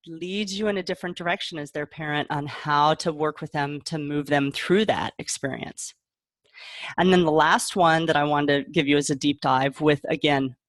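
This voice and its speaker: Middle-aged woman, parent coach, lowish voice, dry close sound, chatty and laughing. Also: no room sound. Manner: warm chatty explaining, acts out kid voices, laughs often. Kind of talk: casual advice talk.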